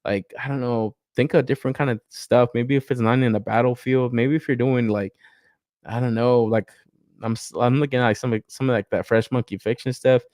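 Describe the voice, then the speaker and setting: A man's voice: a little fast, no room sound, studio quality. A man hosting a toy podcast. He talks in a casual, swear-filled style, rants about a figure, and laughs often. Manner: animated, swears a lot, laughs often, rants with rising pitch. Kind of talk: casual review chat.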